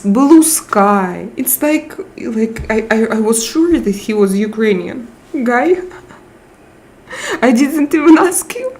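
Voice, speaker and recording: A woman's voice: medium pitch, a little mellow. A woman hosting a live chat, reading viewer messages and teasing them in a playful, giggly way.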